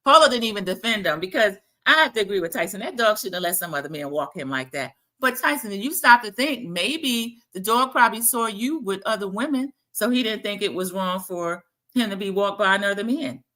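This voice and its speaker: A middle-aged woman talks through a dating show on her live stream, addressing viewers with y'all and acting out what the cast said. Her voice is bright and forward at an ordinary pitch, and she speaks into a home computer mic. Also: expressive, a little fast, hardly any pauses. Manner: chatty, addresses viewers as y'all, acts out quotes. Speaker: host recapping a dating show. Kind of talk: casual live-stream commentary.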